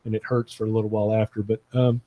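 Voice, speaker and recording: A man's voice: fairly low pitch, little pitch movement, quick pace, no echo, lo-fi sound. Frank, opinionated male co-host, dry sound. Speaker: podcast co-host, sports medicine clinician. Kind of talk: casual panel discussion.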